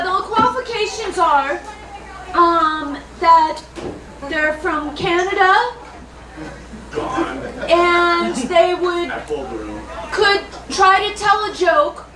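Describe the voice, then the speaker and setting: A woman's voice: very high voice, distant mic, noisy background. A woman hosting a live comedy show who introduces acts and teasingly shushes the crowd. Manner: teasing, scolds hecklers. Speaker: show host. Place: comedy club stage. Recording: roomy club sound from off mic.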